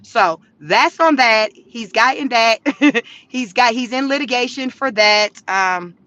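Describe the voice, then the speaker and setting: Animated high-voiced Southern woman. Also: takes it slowly, dry recording, dull audio. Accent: Southern American. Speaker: commentary vlogger. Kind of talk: casual commentary to viewers.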